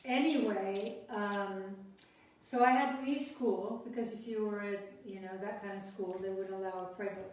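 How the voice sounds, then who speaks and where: A woman's voice: medium pitch, fairly even intonation, darkish tone. Older woman chatting in an echoey room. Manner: chatty, laughs easily, quick storytelling bursts. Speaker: host. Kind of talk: casual chat. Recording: distant echoey room with faint noise.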